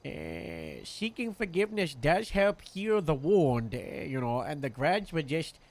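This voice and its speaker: A man's voice: on the high side, sing-song, a little slow. A man in an in-character roleplay, rambling and coaxing, full of "uh" and "you know". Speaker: roleplay player.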